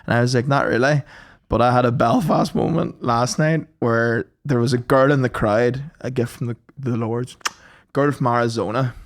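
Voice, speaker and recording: A young man, chatting and telling sweary, animated stories as a podcast co-host. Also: medium pitch, moderate pace. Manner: animated, sweary, acts out voices. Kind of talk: casual storytelling chat.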